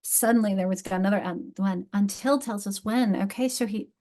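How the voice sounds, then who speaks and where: A woman's voice: mid-range voice, moderate pace. A woman runs a literacy training for teachers, thinking aloud as she goes. Her voice sits in a middle register, and she often stops and restarts a phrase. She closes her points with little tag questions. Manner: animated, many restarts and fillers. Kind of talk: live teacher training lecture.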